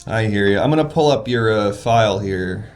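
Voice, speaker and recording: A man's voice: on the low side, animated, normal speed, faint music behind, natural voice. A man playing a laid-back, money-minded male therapist in an improvised comedy sketch, asking dry, probing questions. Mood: deadpan.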